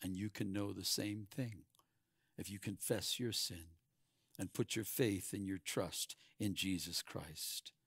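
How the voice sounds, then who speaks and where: A man preaching a sermon, swinging from hushed, quiet passages to loud, emphatic peaks. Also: sits low, fairly even intonation, measured pace, husky, dry recording, clean studio sound.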